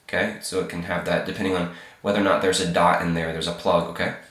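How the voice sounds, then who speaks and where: Deep-voiced man teaching with a cold. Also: fairly even intonation, fast talker, a bit bright, roomy sound. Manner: patient, repeats each sound, frequent "okay?" check-ins. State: sick, slightly hoarse. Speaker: Hebrew teacher. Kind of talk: informal alphabet lesson.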